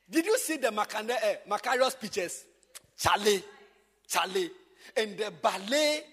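A man, a pastor teaching a church group informally, swinging from loud exclamations to quiet asides. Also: sits high, sing-song, moderate pace, slightly rough, long reverb tail.

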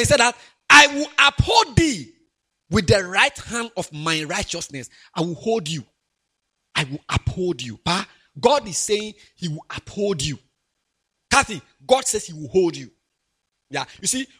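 A husky, bright-toned man with a Ghanaian accent preaching a sermon. His voice sits high and he moves from soft asides to loud, emphatic bursts. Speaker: pastor.

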